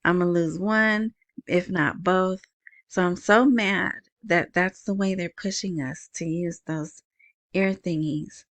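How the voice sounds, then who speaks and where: A woman with a small, soft voice talks unhurriedly, drifting from point to point as she hosts her podcast. She speaks into an earbud mic, and the sound is close and dry, with no room around it. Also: lowish voice, steady tone, slow pace, dry recording. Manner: rambling, chatty, self-interrupting. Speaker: podcast host. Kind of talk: casual solo podcast talk. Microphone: wired earbud mic.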